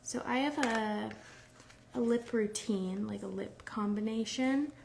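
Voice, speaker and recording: Chatty woman with a gravelly edge. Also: a little high, a little slow, a little mellow, slight background noise. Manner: chatty, rambling, restarts phrases. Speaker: beauty brand host demonstrating makeup. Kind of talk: casual makeup tutorial.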